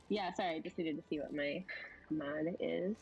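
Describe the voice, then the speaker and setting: Slow-talking, animated woman player. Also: lowish voice, low-quality recording. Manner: excited, playful. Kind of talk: casual tabletop play.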